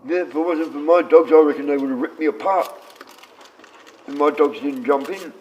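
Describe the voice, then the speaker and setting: A man who sounds sick, rambling and swearing on a live stream, his voice often sinking low and quiet. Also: normal speed. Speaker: livestreamer. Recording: dull lo-fi stream audio.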